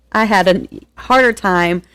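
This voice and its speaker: An American woman co-hosting a casual book podcast, chatty and quick to laugh, often restarting her sentences. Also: medium pitch, a bit bright, clear, resonant tone, no echo. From United States. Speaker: podcast co-host. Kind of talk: casual chat about audiobooks.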